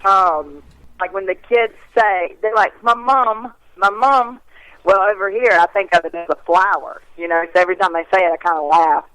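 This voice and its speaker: A Southern woman calls into a show and chats away in a folksy, easygoing manner. Her voice comes across bright and dry over the phone line. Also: medium pitch, normal speed, no echo. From North Carolina. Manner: chatty, folksy, laughs easily. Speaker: guest. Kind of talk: casual phone interview. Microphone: telephone.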